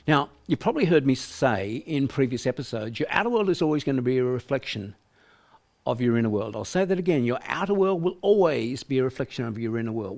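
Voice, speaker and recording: Emphatic older Australian sales trainer. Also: male voice, mid-range voice, a little mellow. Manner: emphatic, acts out voices to illustrate. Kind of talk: business training presentation.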